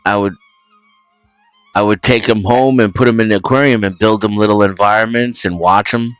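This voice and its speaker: A man from Rhode Island, relaxed and reminiscing in a casual chat. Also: on the low side, normal speed, clear, resonant tone, no echo, soft background music.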